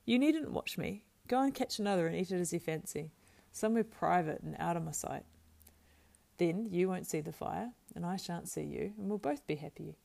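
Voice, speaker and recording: A woman's voice: fairly low pitch, animated, moderate pace, gravelly, warm tone, full character voice. A woman voicing a practical, stout-hearted young male hobbit who talks bluntly and scolds in a homely way, in an audiobook. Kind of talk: audiobook character voice.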